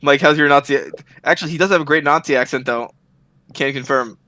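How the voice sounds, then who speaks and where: A man, a tabletop player, teasing his friends with quick banter on a video call. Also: fairly high pitch, sharp tone, dry recording. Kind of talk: casual chat during a game break.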